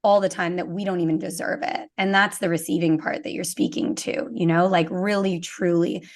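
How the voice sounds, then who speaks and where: Gravelly young Canadian woman, earnest. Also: lowish voice, level tone, moderate pace, a little mellow. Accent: Canadian English. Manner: earnest, filler-heavy, acts out quoted thoughts. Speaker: podcast guest, business owner. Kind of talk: casual interview chat.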